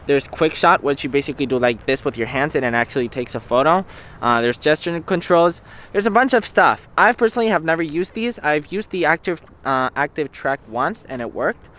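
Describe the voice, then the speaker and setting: A man's voice: a little high, lively intonation, fairly quick, pushed and bright. A young man in a casual tech vlog review, chatty and filling his talk with "basically". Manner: chatty, says "basically" a lot. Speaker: tech vlogger.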